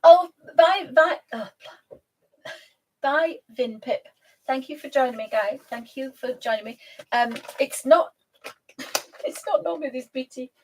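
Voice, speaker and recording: A woman's voice: high voice, lively intonation, measured pace, pauses often, poor audio. A woman hosting a casual live stream, chatting and cooing at her pet and laughing often. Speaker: host.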